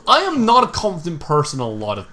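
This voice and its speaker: Animated man telling rambling stories. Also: on the high side, quick pace. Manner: rambling storyteller, self-deprecating. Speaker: streamer. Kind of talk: casual chat while gaming.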